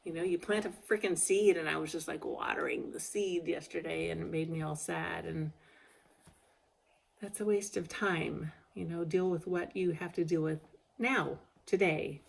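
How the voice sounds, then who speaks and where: Speaking at a moderate pace in a steady tone, a woman with a fairly low, gravelly voice records a candid personal video diary. It's a casual vlog, and she comes across as emotional, a little tearful, and rambling.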